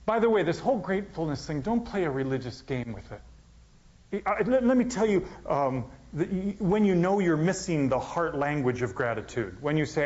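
A male pastor preaching a sermon, swinging from loud emphasis down to near-whispers. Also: fairly high pitch, animated, moderate pace. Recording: dull, lo-fi sound.

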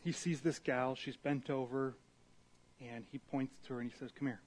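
A man preaching a sermon as pastor, telling the story in an animated way and acting out the quotes. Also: medium pitch, normal speed.

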